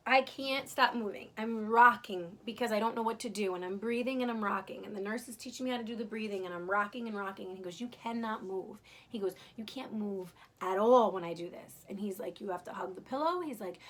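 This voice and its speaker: A woman's voice: medium pitch, fast, hardly any pauses, fairly bright tone. A young woman candidly recounting her birth story in casual, emotional storytelling, swearing freely.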